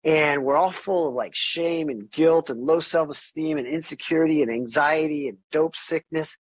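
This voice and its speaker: Middle-aged man, podcast guest, animated and candid, somewhat high-pitched, dry close sound. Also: normal speed, no room sound, low-quality recording. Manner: animated, candid, swears freely, acts out quoted voices. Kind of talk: casual interview conversation.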